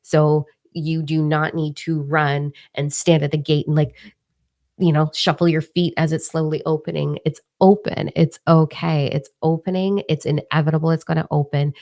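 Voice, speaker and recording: A woman in her forties with a low, gravelly voice reads out a weekly energy forecast live. Her talk is casual and emphatic, and she hammers her main phrases again and again. The voice sits deep, with a fry at the bottom. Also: level tone, moderate pace, darkish tone. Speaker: spiritual reader.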